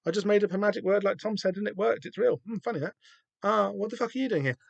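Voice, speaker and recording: A man puts on a teenage boy with a Southern English accent, pushed high above his own register. The boy blurts out his astonishment in breathless bursts. The voice sounds dry and close, with no room around it. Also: fast, creaky, no echo, highs cut off. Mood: astonished. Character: stunned teenage boy discovering his powers.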